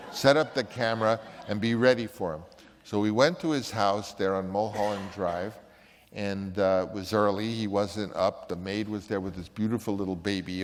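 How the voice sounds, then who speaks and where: A man's voice: fairly low pitch, in a large hall. An older man, a film director, telling rambling anecdotes with frequent restarts. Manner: rambling, with many restarts and acted quotes. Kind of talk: casual anecdote.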